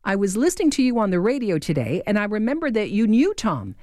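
A woman radio host on an afternoon show reads a listener's email aloud between songs, so moved that she tears up. Her medium-pitched voice is warm, fast, and full of big pitch swings, captured on a studio microphone with no echo.

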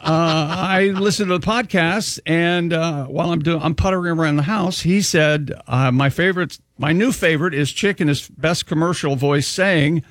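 A man's voice: fairly high pitch, normal speed, hardly any pauses, fairly bright tone, no room sound. A man co-hosting a radio show, reading listener letters aloud with wry jokes and frequent laughs into a studio microphone. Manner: wry, joking, laughs often.

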